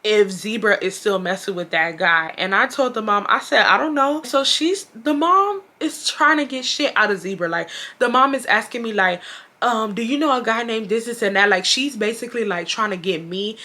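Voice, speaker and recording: Bright-voiced young woman from Texas. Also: mid-range voice, moderate pace. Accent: Southern US, Texas. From Houston, Texas. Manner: animated, profane, slangy, acts out quotes loudly. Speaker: storytime vlogger. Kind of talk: casual storytelling to camera.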